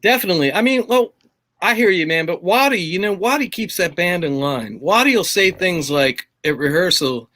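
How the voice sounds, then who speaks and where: A man's voice: sits high, expressive, normal speed, pushed and bright. A middle-aged man spins loose, rambling tour stories with a slightly raised voice. His talk is salted with curses and endless "like" and "you know". He sounds easygoing and unscripted. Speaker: drummer guest. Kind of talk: casual storytelling chat.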